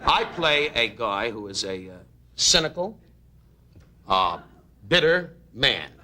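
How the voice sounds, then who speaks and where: A man in his forties, a comedian guest trading insults on a talk show, brash and interrupting, bursting into loud shouted voices. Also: medium pitch, big pitch swings, takes it slowly. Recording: noisy 1970s broadcast recording.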